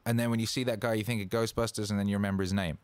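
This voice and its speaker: A man hosting a casual motivational monologue, swearing freely and rambling with bursts of excitement. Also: fairly low pitch, rapid-fire, smooth, no room sound. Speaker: host.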